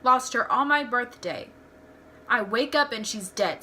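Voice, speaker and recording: A young woman rambles through candid personal stories in a home vlog, restarting sentences often. Her voice sits on the high side with lively intonation, a little slow, pushed and bright. Some hiss or hum can be heard.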